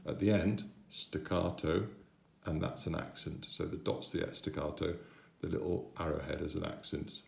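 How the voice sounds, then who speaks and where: A man's voice: low voice, fairly even intonation, normal speed, gravelly, a little mellow. A man teaching children a piano piece, patient and encouraging, sometimes singing the note patterns. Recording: roomy echo, piano playing.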